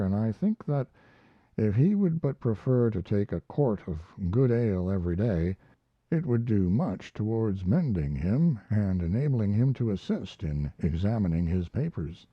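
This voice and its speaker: Man putting on a high, fawning old clerk, fussy and deferential, storybook reading. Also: animated, normal speed, no echo. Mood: obsequious. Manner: obsequious, fussy. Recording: dull lo-fi recording.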